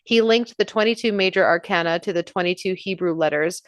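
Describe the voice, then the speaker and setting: A woman podcast co-host from New York, chatting casually and reading history notes, loud and profane, breaking into shrieking laughter. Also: fairly low pitch, fairly quick, no echo.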